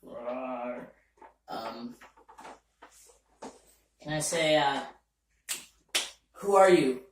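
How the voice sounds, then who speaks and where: A woman player in a tabletop game speaks bluntly and teasingly in a low, unhurried voice. The recording is roomy and off-mic, with faint noise behind. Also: expressive, far from the mic. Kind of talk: casual tabletop play.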